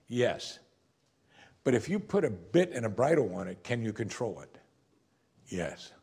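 A man preaching a sermon as pastor, asking the congregation rhetorical questions and swinging between emphatic rises and quiet, drawn-out drops. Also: mid-range voice, creaky, slightly rough.

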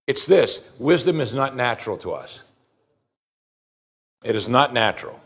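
A middle-aged man preaching a sermon as pastor, earnest, and he slows down to stress key words. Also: medium pitch.

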